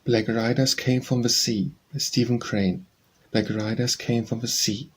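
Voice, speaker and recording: A man with a husky voice, reading poems aloud in a measured, solemn way as an audiobook narrator. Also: mid-range voice, steady tone. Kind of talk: scripted poetry reading.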